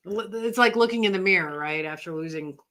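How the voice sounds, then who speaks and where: A woman's voice: fairly low pitch, brisk, a bit bright. A woman in her fifties, co-hosting a live question-and-answer chat, rambling and tired. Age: 50s. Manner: rambling, chatty, laughs easily. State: tired, yawning. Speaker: co-host.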